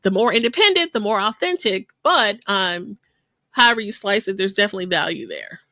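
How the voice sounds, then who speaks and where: A woman co-hosting a podcast in casual chat, talkative and quick to laugh. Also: mid-range voice, very animated, bright, forceful tone, dry recording. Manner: chatty, laughs often, quick asides. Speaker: podcast co-host.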